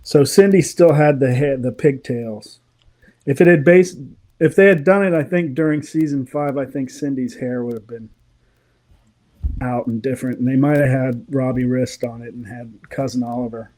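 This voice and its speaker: A man, a guest in a casual interview, telling animated, opinionated stories and laughing often. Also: medium pitch, normal speed.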